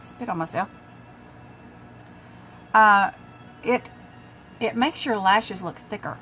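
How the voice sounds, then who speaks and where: A woman's voice: mid-range voice, slow pace, pushed and bright, slight background noise. An older woman chatting casually through a makeup tutorial, talking to her viewers as she works and now and then coughing from a tickle in her throat. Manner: chatty, talks to viewers while applying makeup. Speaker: makeup vlogger.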